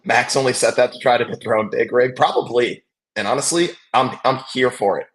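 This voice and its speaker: A man's voice: mid-range voice, fairly quick. Chatty man hosting a game watch-along. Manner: chatty, excitable, reacts loudly to big plays. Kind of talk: casual live watch-along chat with play-by-play.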